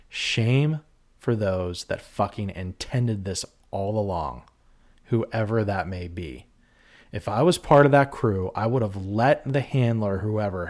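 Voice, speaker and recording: A man's voice: fairly low pitch, darkish tone. A man co-hosting a casual horror movie review podcast, talking in a heated, ranting way with swearing and lots of fillers. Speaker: podcast co-host.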